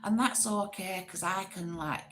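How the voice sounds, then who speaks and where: A woman's voice: mid-range voice, unhurried, fairly bright tone. A woman from Oldham with a Greater Manchester accent, casually chatting to viewers on a livestream and rambling with fillers. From Oldham, England. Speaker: livestream host. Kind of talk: casual live chat reading comments.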